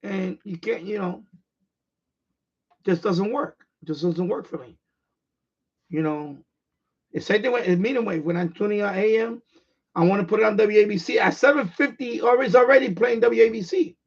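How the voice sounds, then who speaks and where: Raspy New York man, gravelly. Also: high-pitched, normal speed, pauses often. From born in Puerto Rico, raised in the Bronx. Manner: rambling, repeats himself, blunt. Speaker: radio hobbyist live streamer. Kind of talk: casual live-stream chat. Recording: dull lo-fi stream audio.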